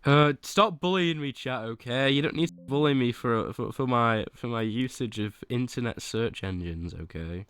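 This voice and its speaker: A man's voice: mid-range voice, moderate pace, few pauses, fairly bright tone, smooth, no echo. A young man streaming casual chat, ranking teas with whiny pleading and sudden dramatic outbursts.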